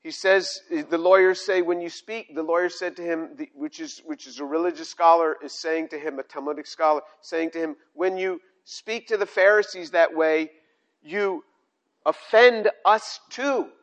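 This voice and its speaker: An older man delivers a sermon on scripture, emphatic and prone to repeating key phrases and restarting sentences mid-flow. His voice is fairly high, his tone steady, and his pace moderate.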